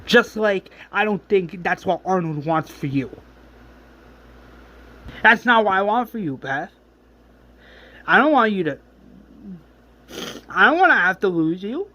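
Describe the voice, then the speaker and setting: A man voicing a grieving young man who pleads with his sister, emotional and halting. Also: high-pitched, animated, sharp tone, voice pushed up, exaggerated voice. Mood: pleading.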